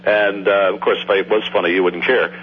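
A man's voice: sits low, flat delivery, a little fast. A man working as a radio news correspondent, talking casually on air in a rambling, hesitant way. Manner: rambling, hesitant, filler-heavy. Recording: dull lo-fi line with faint hiss.

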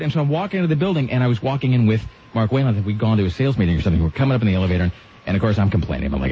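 Over slight background noise and a dull lo-fi radio sound, a man with a lowish voice hosts a radio show. He talks rapid-fire in casual on-air banter, telling rambling, animated stories packed with asides.

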